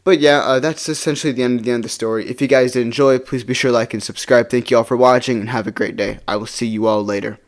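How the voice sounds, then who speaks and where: Male vlogger, mid-pitched, casual storytime, rambling and restart-heavy, mumbles low when glum. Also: steady tone, fast talker, hardly any pauses. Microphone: face-cam setup.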